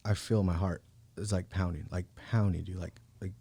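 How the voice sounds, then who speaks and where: A man's voice: sits low, fairly even intonation, normal speed, warm tone, slightly rough. A man guesting on a podcast, telling a personal story in a casual, laid-back way, peppered with "bro" and "like". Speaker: podcast guest, real estate agent. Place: podcast studio.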